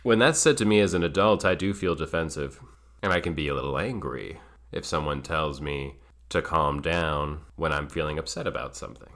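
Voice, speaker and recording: A man who works as a child play therapist, speaking in a calm, measured, thoughtful way. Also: a bass voice. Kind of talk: reflective solo talk.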